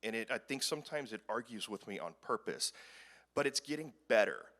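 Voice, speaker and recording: A man speaks in a low voice, presenting at a conference. He talks casually and rambles, joking at his own expense. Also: expressive, brisk, fairly bright tone. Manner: casual, rambling, self-deprecating. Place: conference room.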